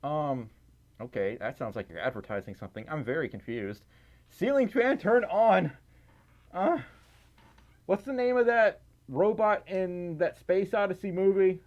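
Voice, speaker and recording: A man's slightly high, a little mellow voice comes through a muffled recording as he chats casually on a livestream at a moderate pace. Tired and a bit scratchy, he rambles, puts himself down, and fills the talk with fillers and laughs.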